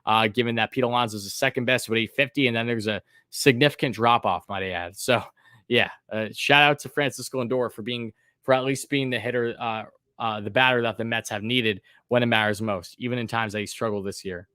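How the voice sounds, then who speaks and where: A man hosting a live sports call-in stream, talking in a relaxed, fairly level way with frequent ums and uhs, at a medium pitch. He reads viewer comments aloud between his thoughts, and the sound is dry and close, with no room around it. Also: a little fast, no echo. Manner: says his own voice sounds monotone; casual, many fillers, reads chat names aloud.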